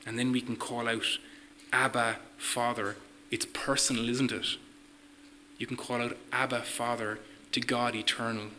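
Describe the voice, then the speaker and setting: A man's voice: mid-range voice, level tone, a little slow, sharp tone, a little hiss or hum, rough recording. A man preaching a sermon, earnest, putting questions to his listeners as he reads from scripture.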